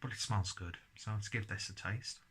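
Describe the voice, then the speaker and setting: A man's voice: on the low side, moderate pace, a bit bright, a little hiss or hum. A man giving a casual beer and snack tasting review, chatting as he chews. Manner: chatty, talks while chewing.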